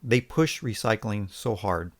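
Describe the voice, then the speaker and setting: A man co-hosting a podcast in casual opinion chat, sarcastic and halting with restarts. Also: lowish voice, lively intonation. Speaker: podcast co-host.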